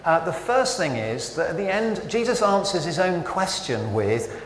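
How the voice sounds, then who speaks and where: A man's voice: sits high, normal speed, few pauses, slight background noise. A man preaching a sermon in a church, conversational and full of rhetorical questions. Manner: conversational, self-interrupting, animated rhetorical questions. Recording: echoey church with long reverb.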